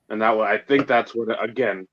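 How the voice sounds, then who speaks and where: A man's voice: on the low side, fairly bright tone. A man co-hosting a casual podcast chat, dropping dry quips. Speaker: podcast co-host. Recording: dull lo-fi sound.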